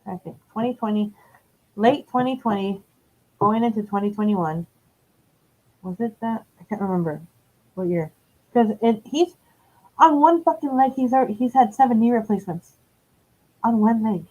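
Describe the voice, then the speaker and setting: Casting: woman, 30s, mellow tone, rambling and foul-mouthed live storyteller. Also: fairly high pitch, normal speed, long pauses. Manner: rambling, profane, self-correcting. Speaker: live streamer. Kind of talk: casual storytelling. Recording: dull lo-fi stream audio.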